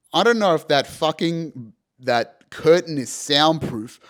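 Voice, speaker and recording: A young man with a higher, somewhat bright voice hosts a podcast, recounting a personal story in a casual, animated way. He swears freely and leans often on "you know" and "right."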